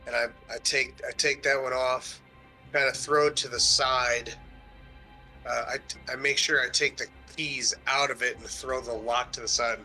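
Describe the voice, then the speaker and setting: A male player in a tabletop game, talking through his moves in a very bright, sharp voice. Soft music runs underneath. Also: medium pitch, fairly even intonation, measured pace, poor audio. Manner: describing actions casually.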